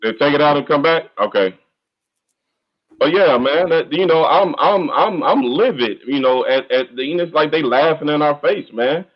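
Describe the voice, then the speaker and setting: A man's voice: a little high, lively intonation, moderate pace. A man speaking on an online call, ranting with fiery, repetitive, emphatic outbursts. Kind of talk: impassioned call-in talk. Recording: dull lo-fi online call audio.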